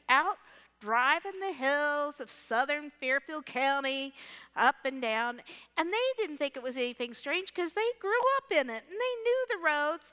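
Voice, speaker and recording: A middle-aged woman preaching from the pulpit, her high, bright voice ringing through a large church sanctuary. She tells her story slowly and animatedly, acting out every voice she quotes. The long reverb of the hall trails behind each phrase. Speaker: pastor. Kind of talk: storytelling sermon.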